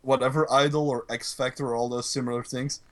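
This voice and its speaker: A man's voice: medium pitch, flat delivery, quick pace, over a noisy crowd. A man co-hosting a casual podcast chat, ranting in a rambling, profane way. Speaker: podcast co-host.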